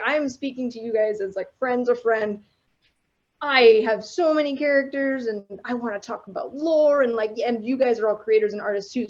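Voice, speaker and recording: Chatty higher-voiced woman guest speaker. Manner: chatty and enthusiastic, laughs between points. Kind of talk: informal talk to students. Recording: dull lo-fi audio.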